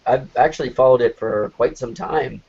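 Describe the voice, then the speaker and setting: A man's voice: mid-range voice, moderate pace, gravelly, darkish tone, slightly rough. A man co-hosting a podcast, upbeat and chatty, asking loose questions and laughing easily. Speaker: podcast co-host. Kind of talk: casual podcast chat. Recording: dull lo-fi remote call audio.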